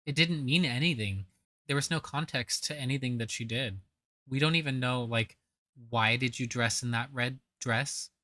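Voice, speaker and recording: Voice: medium pitch, normal speed, bright, forceful tone, no echo, studio quality. A reaction commentator talking over a clip in a blunt, mocking way, swearing casually as they pick apart what they watch.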